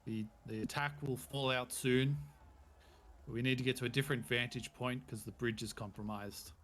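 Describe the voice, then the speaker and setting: A man's voice: on the high side, expressive, slow, gravelly, warm tone, a little hiss or hum, pitched above the performer's own voice, heavily acted. A man voicing a huffy, self-important army captain in a tabletop game who talks in pompous, clipped orders. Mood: commanding.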